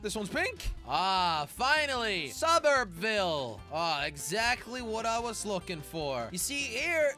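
A young man hosting a gaming channel, narrating his play in an excitable, jokey way with frequent laughs and sudden shouts. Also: high voice, slow pace, few pauses, faint music behind. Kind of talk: game commentary.

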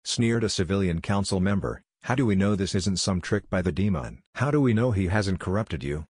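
A man with a very low, husky voice reads a fan story aloud. He narrates and voices every character in the same even delivery. The recording is dry and close. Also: moderate pace, few pauses, no room sound. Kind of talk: scripted narration.

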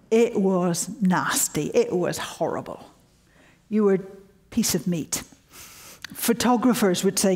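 A woman's voice: fairly low pitch, a little slow. A woman in her seventies giving a public lecture, telling wry stories of her early career. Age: 70s. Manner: wry, storytelling, animated quotes. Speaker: guest lecturer.

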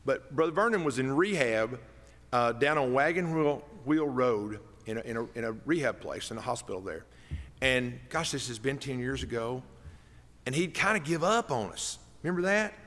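A pastor giving a folksy, emotional funeral sermon that rises to loud emphatic peaks. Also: male voice, medium pitch, expressive, normal speed. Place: church sanctuary. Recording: long reverb in a church hall.

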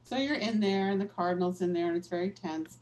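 A woman's voice: lowish voice, brisk, darkish tone, poor audio. A woman author and activist, the guest in a conversational interview, telling stories in a candid, reflective way with casual fillers.

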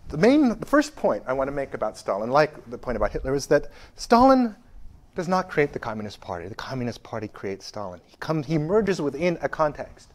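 Guy lecturing on history, punches some words hard then goes quiet, lots of uh and restarts. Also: mid-range voice, sing-song, brisk. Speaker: university lecturer.

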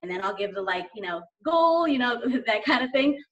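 An excited woman talks about her work in a loose, rambling way, full of fillers. Her voice sits at a middle pitch. The sound is distant and dull, like a remote call picked up from away from the mic. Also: brisk. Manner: enthusiastic and rambling, many "like"s. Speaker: guest sharing sales tips. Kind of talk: casual interview chat.

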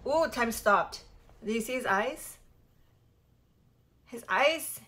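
A young woman hosting a music video reaction, talking in a gushing, excitable, rambling way and apologizing as she goes. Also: a little high, slow, noisy background. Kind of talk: casual reaction commentary.

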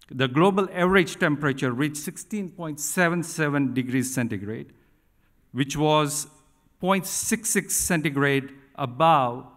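A middle-aged man delivers a keynote speech in a large conference hall, his slightly raised voice trailing into a long reverb. He talks deliberately, pausing on um and uh and restating his points for emphasis. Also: a little high, a bit bright. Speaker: keynote speaker at an industry conference.

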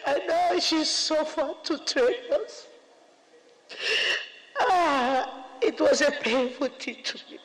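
A woman with a high voice gives a fervent religious testimony at an unhurried pace. Her delivery is earnest and pleading, and at times she is on the edge of tears. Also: big-room sound, poor audio. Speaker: testifying speaker.

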